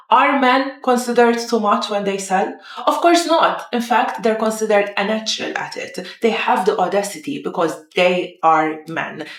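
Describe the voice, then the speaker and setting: A young woman coach gives a motivational talk, direct and emphatic, driving her points home with rhetorical questions. Her voice sits at an ordinary middle pitch for a woman. The room around her rings with noticeable echo. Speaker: business coach. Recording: roomy echo.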